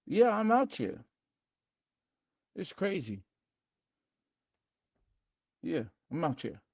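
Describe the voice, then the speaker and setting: A man's voice: fairly high pitch, huge pitch swings, very slow, highs cut off. Hyped streetwise man on a livestream. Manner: hyped, streetwise, repetitive, shouting out viewers. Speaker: livestream host teaching game rules. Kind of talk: casual livestream chat.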